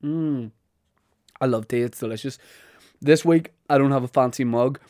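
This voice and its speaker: A man's voice: mid-range voice, moderate pace, darkish tone, dry recording, studio quality. A Northern Irish man hosting a podcast, telling rambling, self-deprecating comic stories. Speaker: podcast host. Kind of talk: comic monologue.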